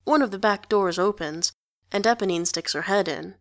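A woman narrating a story aloud in an even, conversational manner. Her voice sits at a middle pitch, recorded close and dry with no room. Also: moderate pace, no room sound. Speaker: reader. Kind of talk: audiobook narration of fan fiction.

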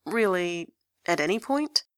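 An earnest, exasperated young man, voiced by a woman reading a story aloud. He speaks with careful, strained patience in a somewhat low, bright voice. The recording is dry and close. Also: lively intonation, measured pace, smooth, dry recording.

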